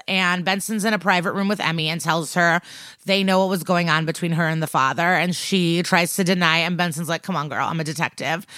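Woman, podcast co-host, casual recap, brisk retelling, lowish voice, dry close sound. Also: pushed and bright, smooth, no echo. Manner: brisk retelling, acts out quotes in passing.

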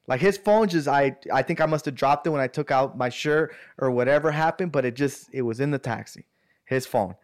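Speaking fairly quickly in a mid-range voice, this man chats casually with friends through a long, meandering tale full of slang. He performs the quoted voices of the people in it.

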